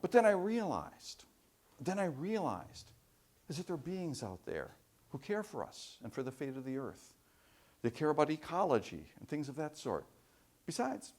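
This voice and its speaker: A man's voice: on the high side, pitched above the performer's own voice. Guy putting on an earnest abductee, kinda proud of it, voice swings all over. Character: adult abductee proud to be chosen.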